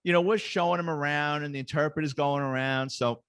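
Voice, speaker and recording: A middle-aged man, a retired police detective, telling lively, profane anecdotes as a guest in a casual chat. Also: on the high side, a little fast, clear, resonant tone, dry recording.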